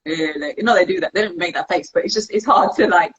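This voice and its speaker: In a casual interview, a young dance practitioner talks quickly and candidly, animatedly voicing her own thoughts as if quoting them. Her voice is on the low side, and the recording sounds dull and lo-fi.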